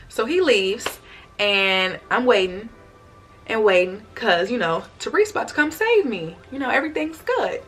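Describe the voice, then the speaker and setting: A woman's voice: on the high side, normal speed, soft background music. Chatty young woman telling a storytime. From United States. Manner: chatty, expressive retelling with acted-out quotes. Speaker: vlogger. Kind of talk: storytime vlog.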